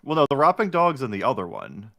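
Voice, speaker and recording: A man's voice: mid-range voice, huge pitch swings, fast talker, sharp tone. A young man talking casually about films as a guest, making dry jokey remarks. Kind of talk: casual film chat.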